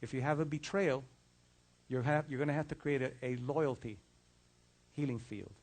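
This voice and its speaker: A man's voice: mid-range voice, normal speed, darkish tone. A middle-aged man giving a conversational lecture on relationships, often repeating words and restarting phrases as he tells case stories. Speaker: lecturer on mind-body health.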